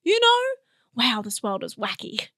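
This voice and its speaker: A woman's voice: fairly high pitch, huge pitch swings, unhurried, sharp tone, no room sound, clean studio sound. A young woman hosting a comedy podcast, rambling and giggling through a monologue, teary from laughing. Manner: giggly, rambling, self-interrupting.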